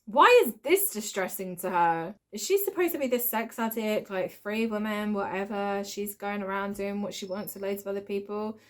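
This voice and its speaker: A woman's voice: mid-range voice, normal speed, hardly any pauses. A woman hosting a reaction video, mocking a film with sarcastic, exasperated commentary and frequent swearing.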